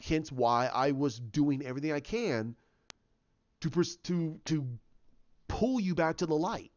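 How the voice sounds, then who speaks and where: Brief: remorseful Jedi ghost, earnest confession, slightly high male voice, a man doing it himself, dull lo-fi sound. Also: lively intonation, unhurried, darkish tone.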